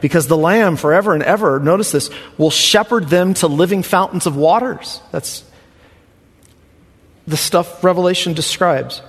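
A man preaching a sermon as pastor, swinging from soft, quiet passages to loud emphatic lines. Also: high voice, normal speed, breathy edge, in a large hall.

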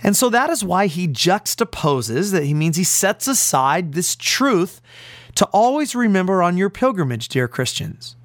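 A man preaches with emphatic conviction, throwing out rhetorical questions. His pitch rises and falls widely. The sound is dry and close. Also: very animated, unhurried, no room sound. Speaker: pastor. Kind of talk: radio sermon.

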